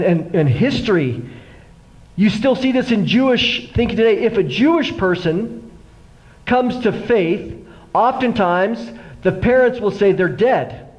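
A middle-aged pastor with a high-pitched voice preaches in a church sanctuary, and the recording's highs are cut off. He tells stories with animation, acting out the voices of the people in them.

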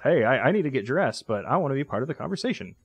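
A man's voice: medium pitch, sing-song, rapid-fire, husky, no room sound, voice pushed up. A man voicing a half-dressed man who wants to join the conversation, eager and rambling.

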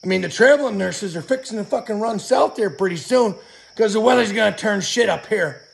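A man hosting his own channel, venting outdoors in an angry, profane, shouting rant, his voice hoarse from yelling. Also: high voice, lively intonation, a little fast. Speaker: channel host.

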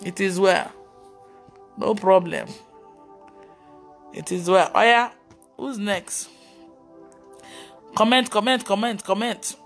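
A woman's voice: mid-range voice, slow pace, long pauses, faint music behind. A woman pastor preaching on a live video, telling stories and scolding with emphatic exclamations. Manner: animated storytelling, mimicking others' voices.

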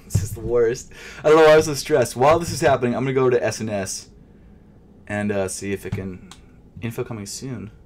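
A man who vlogs about sneakers, commenting casually while trying to buy shoes online, muttering in frustration and jumping between loud outbursts and whispers. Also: medium pitch, steady tone, fairly quick, slight background noise. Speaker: sneaker vlogger.

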